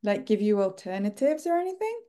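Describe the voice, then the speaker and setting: A woman's voice: mid-range voice, very animated, brisk, dark tone. A woman hosting an interview, curious, stepping in with questions. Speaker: podcast host.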